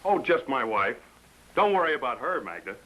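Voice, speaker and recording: A wisecracking american hero, bright voice that bounces around, old tv drama. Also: male voice, mid-range voice, sing-song, normal speed, low-quality recording. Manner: joking and teasing. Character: breezy American businessman-adventurer, male. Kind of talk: 1950s TV drama acting.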